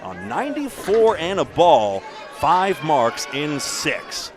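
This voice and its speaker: A man's voice: fairly high pitch, very animated, slow pace, background noise. A man doing live bowling commentary in a dry, matter-of-fact way. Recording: bowling alley crowd behind.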